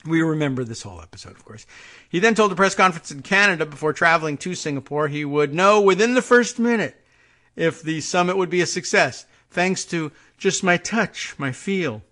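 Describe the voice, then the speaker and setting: Man, news commentary, wry sarcastic asides, slightly higher voice. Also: lively intonation, a little fast, fairly bright tone. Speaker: political podcast host. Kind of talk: reading news aloud with commentary.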